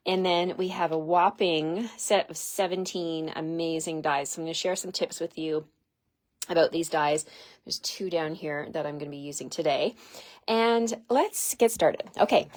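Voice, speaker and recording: A woman giving a casual, chatty craft tutorial, laughing often and reading out viewer comments. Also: lowish voice. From Canada. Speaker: card-making demonstrator.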